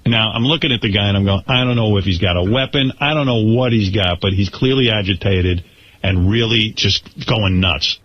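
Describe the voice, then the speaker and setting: Male radio host, husky, rambling storyteller who trips over his own words, dull broadcast sound. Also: lowish voice, brisk. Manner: rambling, repeats words and restarts when excited. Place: radio studio. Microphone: studio mic.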